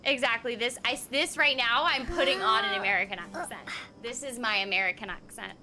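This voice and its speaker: A woman's voice: fairly high pitch, moderate pace, pushed and bright, soft background music. A young adult woman streaming a game, chatting playfully and reading the chat aloud. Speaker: streamer and voice actor. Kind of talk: casual live-stream chat while gaming.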